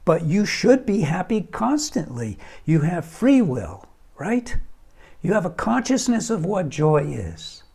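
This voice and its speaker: A man's voice: high voice, very animated, slow pace, vocal fry, darkish tone, breathy edge. A man who founded a marriage foundation giving impassioned advice straight to camera, asking rhetorical questions and dropping at times into a whisper. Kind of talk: direct-to-camera advice talk.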